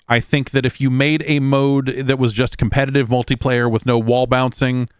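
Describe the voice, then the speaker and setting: In a dry, studio-quality recording, a middle-aged man with a medium-pitched voice hosts his podcast. He goes through listener mail and drifts into casual chat, stumbling over words and cursing.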